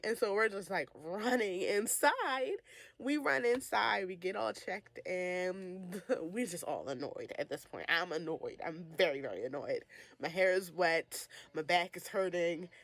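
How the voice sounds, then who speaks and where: Young woman telling a lively story. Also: on the low side. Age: young adult. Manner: animated, laughing, casual with many "like"s. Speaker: student alumna storyteller. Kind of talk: personal storytelling.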